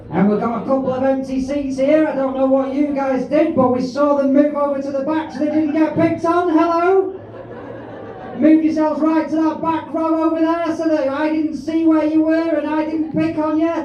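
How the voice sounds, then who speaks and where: A man hosting a stand-up show, teasing the audience in a brash, sweary, shouting way during crowd work. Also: very high-pitched, steady tone, moderate pace, highs cut off. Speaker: comedy host and compere. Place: large comedy auditorium with live audience. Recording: echoey hall, distant mic, crowd noise.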